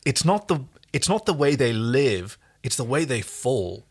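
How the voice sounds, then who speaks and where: A man's voice: very animated, slightly rough. A man co-hosting a casual podcast, reading fanfic aloud with playful banter. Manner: playful, quick to laugh, jumps up in pitch. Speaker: podcast co-host. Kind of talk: casual fanfic read-through.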